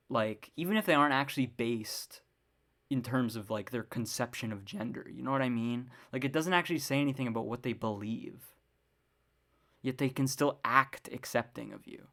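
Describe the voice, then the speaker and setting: A woman's voice: very deep voice, fairly bright tone. Rambling, swearing woman podcaster. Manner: rambling, many fillers and frequent swearing; exasperated ranting. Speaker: podcast host. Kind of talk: casual solo podcast monologue.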